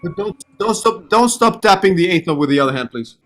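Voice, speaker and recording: A man with a bright, fairly high voice is teaching piano. He patiently counts beats and sings rhythm syllables to show the phrasing, with a piano faint in the background. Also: lively intonation, brisk. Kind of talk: online music lesson.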